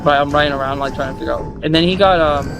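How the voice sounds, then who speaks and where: Man, rambling game recap, swears a lot, slightly high voice, loud music behind. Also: fast, vocal fry, poor audio. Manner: rambling, profane, reenacts his own thoughts loudly. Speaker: gaming video host. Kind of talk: casual gameplay recap.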